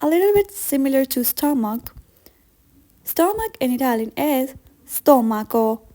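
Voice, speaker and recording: A woman teaching a beginner vocabulary lesson, saying each word slowly and carefully and repeating it with patient encouragement. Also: high voice, expressive, dark tone. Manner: slow, careful repetition of words. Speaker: language teacher.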